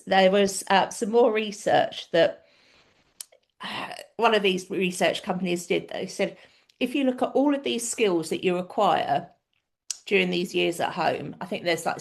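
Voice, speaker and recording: Gravelly woman, chatty guest. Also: mid-range voice, measured pace. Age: middle-aged. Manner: conversational, hesitant, many fillers. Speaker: podcast guest. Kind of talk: casual chat.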